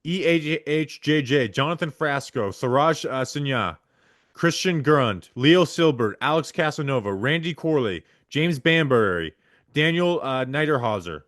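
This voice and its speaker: Man, podcast host, reading names, mid pitch, dry close sound. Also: expressive, a bit bright, dry recording. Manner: rapid list-reading with stumbles over names. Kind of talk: reading supporter names aloud.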